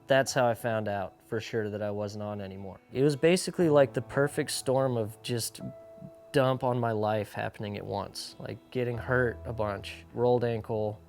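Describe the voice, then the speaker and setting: A man's voice: on the low side, normal speed, darkish tone, soft background music. A young man, a pro skateboarder, candidly telling his personal story in a casual, slangy way, filling his talk with "like" and acting out the lines of other people. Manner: casual, slangy, full of "like", acts out quoted dialogue.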